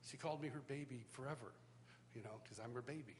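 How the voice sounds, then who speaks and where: A middle-aged worship teacher gives a personal testimony sermon at a live church worship school, recounting his life with self-deprecating humor and acting out the voices of people he quotes. He talks fast in a medium pitch, with a little hiss or hum in the audio.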